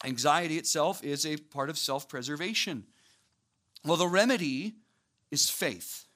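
Bright-voiced man preaching a sermon. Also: fairly high pitch, unhurried. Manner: conversational, animated preaching with rising emphasis. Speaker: pastor.

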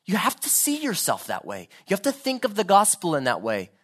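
A man's voice: sits high, huge pitch swings, fairly quick, a bit bright. Earnest male preacher, rising to fervor. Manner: earnest, rising to fervent pleading. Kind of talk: sermon.

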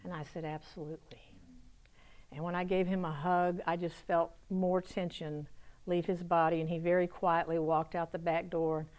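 Speaking to an audience at a moderate pace, a woman pastor with a fairly low voice relates her personal testimony. She tells it vividly and now and then lowers to gentle, hushed tones.

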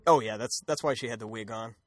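A man's voice: fairly low pitch, fast talker, a little mellow, soft background music. A man co-hosting a podcast, recapping a comic with a laugh and acting out quotes. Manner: laughing, playful, acts out quotes. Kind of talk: casual comedic chat.

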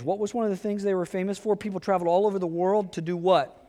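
A male pastor delivers a sermon in a voice a bit higher than most men's. He acts out conversations, rising and falling sharply as he plays each side. His words ring out with a long reverb from the hall. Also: quick pace. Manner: animated, acts out dialogue with shifts in pitch and loudness.

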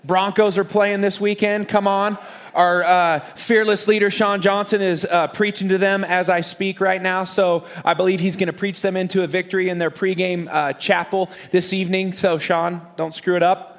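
Man, pastor, sermon to a church crowd, fairly high voice, casual jokes, earnest prayer. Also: normal speed. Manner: energetic, joking crowd warm-up, then quiet earnest prayer. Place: large church auditorium with live congregation.

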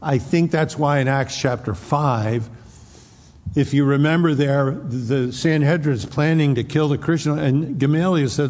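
A man's voice: a little high, a little slow, a little mellow. A man preaching a sermon, retelling scripture as a story and acting out the quotes, often restarting his words. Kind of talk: expository sermon. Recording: long hall reverb.

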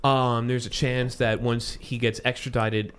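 A man's voice: mid-range voice, little pitch movement, measured pace, smooth. A man hosting a casual podcast chat, rambling with asides and restarts. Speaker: podcast host.

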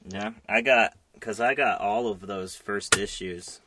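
A man's voice: on the low side, measured pace, noisy background. A young man in casual, profane chat, animatedly retelling a TV episode. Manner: profane, animated retelling with silly mock voices. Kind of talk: casual chat about TV and comics.

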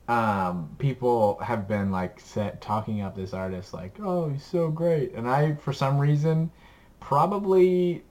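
Rambling, enthusiastic low-voiced man. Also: darkish tone. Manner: enthusiastic, rambling, laughs often. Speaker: podcast co-host giving a music recommendation. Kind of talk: casual chat.

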